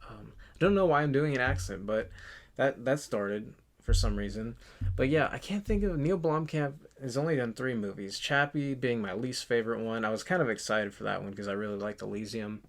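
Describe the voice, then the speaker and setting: Twenty-something guy rambling thru a casual vlog, lots of ums and restarts, mid-pitched voice. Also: a little slow, gravelly, fairly bright tone. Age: 20s. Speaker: channel host. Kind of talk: casual movie collection vlog.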